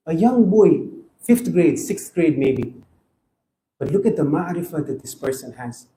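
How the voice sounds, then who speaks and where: A man's voice: a little high, moderate pace, mellow, reverberant, a little hiss or hum, poor audio. A man giving an earnest Muharram sermon, telling stories and acting out the dialogue in them. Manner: earnest preaching, acts out quoted dialogue. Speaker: speaker at a Muharram majlis. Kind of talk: sermon storytelling. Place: mosque or hall gathering.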